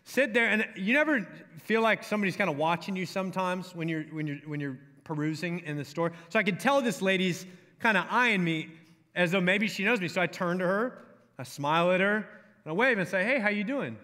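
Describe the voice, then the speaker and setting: A young man with a Texan drawl delivers a sermon to a room of college students, his voice high and bright. He tells stories and jokes with the crowd. The sound rings with the long reverb of a large hall. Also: fairly quick. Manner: storytelling, joking with the crowd. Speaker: college ministry pastor.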